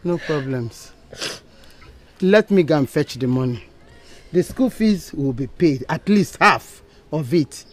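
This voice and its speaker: Determined Nigerian mother, firm, reassuring, animated pitch. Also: slow, pauses often, a little hiss or hum. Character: determined mother set on paying school fees. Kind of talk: film drama acting.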